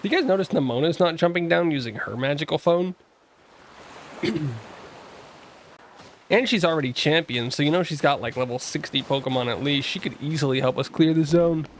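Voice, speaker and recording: A man's voice: on the high side, moderate pace, pauses often, slight background noise. A man streaming a video game, talking to his chat in a rambling, joking way with casual asides. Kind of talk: casual live-stream commentary.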